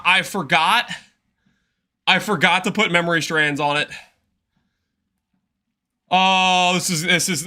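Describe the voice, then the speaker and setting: A man's voice: high voice, bright, forceful tone. A man streaming a game in casual chat, rambling, repeating himself and laughing often.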